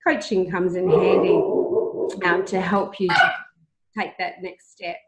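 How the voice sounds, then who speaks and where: Low-pitched woman hosting an interview. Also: little pitch movement, a little slow, a little hiss or hum. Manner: warm, encouraging, frequent ums. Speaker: host. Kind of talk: casual interview chat.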